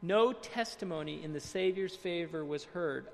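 A man preaching a sermon, reading quotes aloud, then explaining them with dramatic pauses and hushed emphasis. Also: a little high, gravelly, in a large hall, slight background noise.

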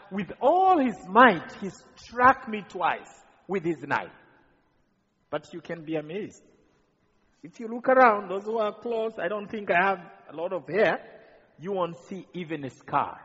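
A man's voice: high-pitched, a bit bright, slightly rough. A man from Rwanda giving an earnest testimony in a sermon to a congregation, often repeating words as he stumbles. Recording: dull, reverberant hall recording.

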